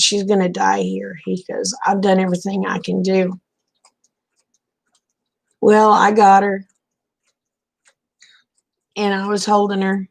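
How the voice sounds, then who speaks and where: A middle-aged woman tells a long, homespun story in a casual late-night vlog. Her pitch stays fairly level and even, and she keeps looping back through "he said" and "I said" as she goes. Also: gravelly. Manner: homespun, drawn-out storytelling with many "he said" asides. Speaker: vlogger.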